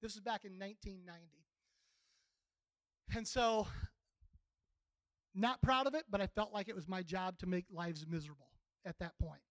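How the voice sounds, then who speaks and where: Man, 60s, preacher, sermon, very high-pitched, folksy and plainspoken, dry. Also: moderate pace, long pauses, a bit bright, no echo, poor audio.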